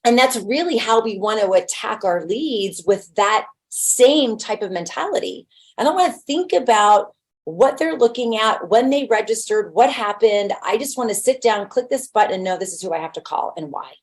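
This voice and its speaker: A woman real estate agent gives a casual webinar talk, blunt and conversational, using homely everyday examples. Her voice sits on the high side with lively intonation, and she speaks at a normal speed.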